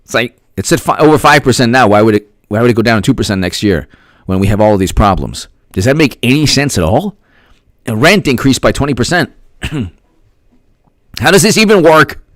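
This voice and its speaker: A man's voice: mid-range voice, brisk, no echo, studio quality. A man hosting a casual political livestream, thanking viewers by name and firing off repeated rhetorical questions. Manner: animated rhetorical questions, repeats lines for emphasis. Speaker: political commentary livestream host. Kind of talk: casual livestream commentary, reading chat.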